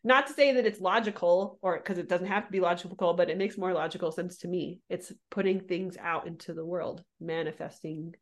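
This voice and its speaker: A woman's voice: on the low side, a little fast, hardly any pauses. A woman co-hosting a podcast in casual chat, rambling and restarting her sentences with frequent laughs. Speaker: podcast co-host.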